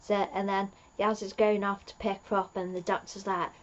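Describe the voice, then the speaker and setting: A woman's voice: mid-range voice, level tone, normal speed, highs cut off. A woman talking as a fan reviewer, recapping an episode in a chatty, meandering way with lots of fillers and restarts. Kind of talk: rambling plot recap.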